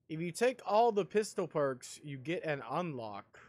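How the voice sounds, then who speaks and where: A male streamer with a high-pitched voice chats with his viewers while he plays. He talks at an unhurried pace, rambling and making fun of himself. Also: very animated, darkish tone, dry recording. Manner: rambling, self-deprecating, chatting with viewers. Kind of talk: casual live game commentary.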